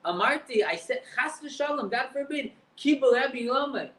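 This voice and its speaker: Rabbi guy teaching talmud, high voice, kinda far from the mic, roomy echo. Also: lively intonation, normal speed, a bit bright. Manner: explains Hebrew text line by line, repeats words. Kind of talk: Talmud class with translation. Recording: echoey room, voice from a distance.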